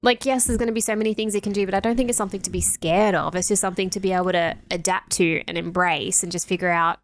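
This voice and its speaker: A woman's voice: mid-range voice, steady tone, quick pace, no echo. A young woman co-hosting a podcast in a chatty, casual way, laughing often and filling with "like". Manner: chatty, laughs easily, lots of filler "like". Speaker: podcast co-host. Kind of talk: casual chat.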